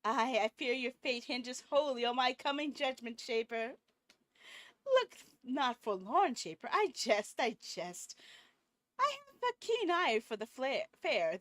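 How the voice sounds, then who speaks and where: A woman voicing a refined, theatrical female visitor who talks in an archaic, highbrow way and draws out her words. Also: darkish tone, full character voice. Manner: archaic, highbrow speech, slow and drawn out.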